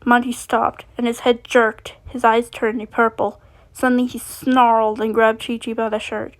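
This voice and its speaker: A woman reading a fan fiction story aloud, steady, with frequent slips and restarts. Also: on the high side, normal speed.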